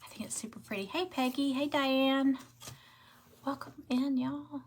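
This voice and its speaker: Her voice sits high, steady and unhurried: a middle-aged Southern US woman hosting a crafting livestream. She chats in a rambling way and greets her viewers by name as she works.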